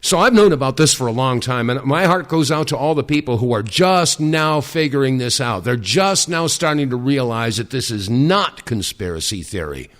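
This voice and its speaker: Emphatic middle-aged talk radio host. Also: male voice, medium pitch, animated, a bit bright. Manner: emphatic, deliberate, with many fillers.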